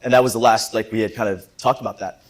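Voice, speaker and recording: A young man in his twenties, a guest speaker telling a rambling, animated story to a live audience, with lots of filler words. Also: fairly low pitch, fast.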